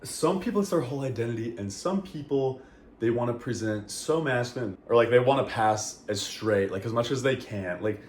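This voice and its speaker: A man's voice: mid-range voice, animated, normal speed. A young man chatting candidly to camera in a vlog, rambling with lots of fillers and casual swearing. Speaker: vlogger. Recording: echoey room with faint noise.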